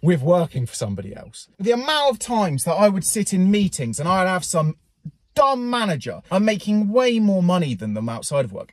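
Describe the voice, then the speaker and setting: A man's voice: a little high, no room sound, clean studio sound. A man from England telling stories to camera in a blunt, emphatic way. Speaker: vlogger and entrepreneur. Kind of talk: casual talk to camera.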